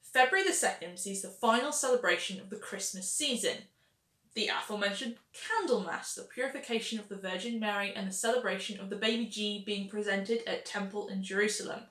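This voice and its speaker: A woman's voice: medium pitch, brisk, a bit bright, roomy sound. A woman hosting a history video, narrating facts with wry, sarcastic asides.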